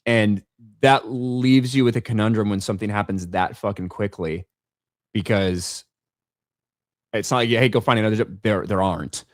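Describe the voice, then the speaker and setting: A man's voice: on the low side, fairly even intonation, unhurried, pauses often, no echo, studio quality. A man hosting a podcast, talking in a blunt, profane, ranting way in casual chat. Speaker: podcast host.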